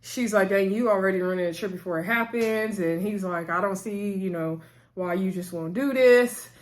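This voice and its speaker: A woman's voice: medium pitch, normal speed. A woman chatting casually as she recaps a TV episode, retelling scenes in quoted back-and-forth with sassy asides. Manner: sassy asides addressing cast as "girl". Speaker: TV recap vlogger.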